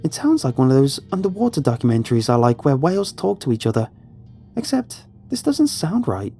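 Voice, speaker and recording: A man's voice: mid-range voice, sing-song, brisk, mellow, faint music behind, voice pushed up. A man voicing a plainspoken, folksy rural mother in a horror story reading. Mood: uneasy. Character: plainspoken rural mother, middle-aged woman.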